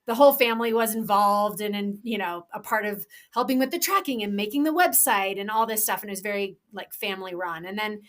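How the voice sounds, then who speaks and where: A woman's voice: medium pitch, brisk, hardly any pauses. A woman co-hosting a podcast in casual chat, enthusiastic and rambling, with lots of fillers and restarts. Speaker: podcast co-host and professional trail runner.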